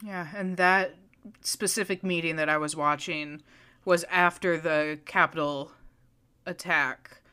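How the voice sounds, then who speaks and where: A woman's voice: low-pitched, steady tone, measured pace, bright, forceful tone, smooth. A young woman in casual podcast chat, chatty and offhand, cracking jokes.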